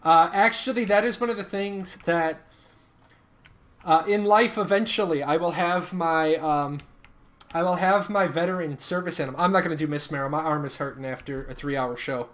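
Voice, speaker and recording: A man from Ireland with a high voice talks casually to his stream audience. His stories ramble and he keeps restarting his sentences, with sudden bursts of emphasis. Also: normal speed, fairly bright tone. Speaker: game streamer. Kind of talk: casual live-stream chat.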